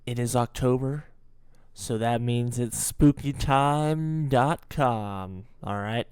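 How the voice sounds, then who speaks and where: A man's voice: medium pitch, slow pace, darkish tone, clean tone, dry recording, clean studio sound. A young man in his twenties hosting a reaction video, chatting casually and stopping to explain and joke.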